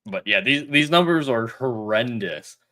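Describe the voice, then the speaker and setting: A man with a bright, forceful voice speaks as a panelist in a casual chat. He is matter-of-fact and quick to correct others. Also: medium pitch, expressive.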